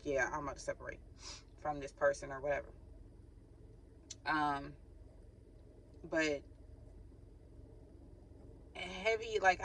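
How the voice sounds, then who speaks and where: A woman's voice: sits low, a bit bright, slight background noise, rough recording. A woman hosting a spiritual channel, giving viewers a casual spoken reading in a chatty, loose way with informal slang.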